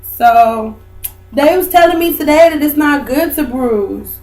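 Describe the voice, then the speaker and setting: A woman's voice: high voice, animated, unhurried, darkish tone, faint music behind. A young woman, rambling in a casual vlog with lots of fillers. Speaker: vlogger. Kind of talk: casual chat to camera.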